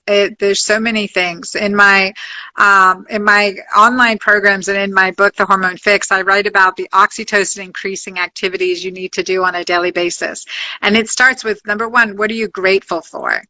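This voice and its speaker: A bright, clear-toned middle-aged woman speaks as a doctor on a podcast. Her delivery is upbeat and loosely structured, with frequent restarts and numbered points. Her pitch sits in an ordinary middle range for a woman. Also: steady tone, normal speed, low-quality recording. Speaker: physician guest. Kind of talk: podcast interview.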